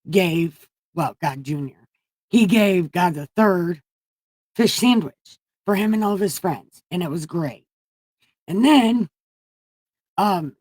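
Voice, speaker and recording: A woman's voice: on the low side, darkish tone, no echo. A woman hosting a livestream, retelling Bible stories casually in a profane, rambling, jokey way from a room at home. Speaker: livestream host.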